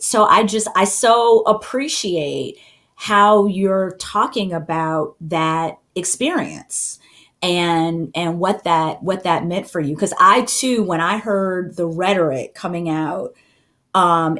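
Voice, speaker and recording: A woman's voice: on the low side, fairly bright tone. A woman moderating a panel discussion, speaking in a thoughtful, reassuring way.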